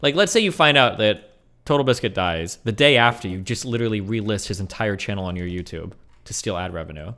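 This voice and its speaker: A man with a fairly low voice co-hosts a loose stream chat. He rambles and floats half-formed ideas, often restarting his sentences. His tone stays easygoing throughout. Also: animated, fairly quick, a bit bright. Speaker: stream co-host. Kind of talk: casual chat.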